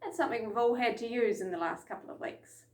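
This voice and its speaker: A woman leading an energetic children's lesson, chanting and calling out game sounds. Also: on the high side, quick pace. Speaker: children's program instructor. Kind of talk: lively kids' lesson from home. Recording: echoey room.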